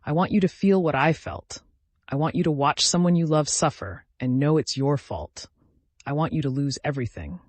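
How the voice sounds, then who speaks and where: Guy reading as a bitter jealous woman, sharp accusing lines, dry audiobook sound. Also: fairly high pitch, moderate pace, no echo, natural voice. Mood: vengeful. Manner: accusing, rising intensity.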